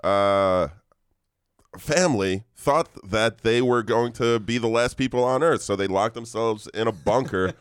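A man's voice: on the low side, unhurried, smooth, no echo, clean studio sound. A young man co-hosting a podcast, relaying a news story in a rambling, casual way and laughing often. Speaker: podcast co-host presenting news stories. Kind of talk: casual comedic chat.

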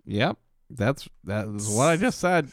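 A man's voice: mid-range voice, very animated, measured pace, dry recording, studio quality. A man co-hosting a comedy podcast, playfully putting on a mock Canadian voice. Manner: playful, hams up a mock Canadian voice calling others buddy. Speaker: podcast co-host. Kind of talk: casual comedic banter.

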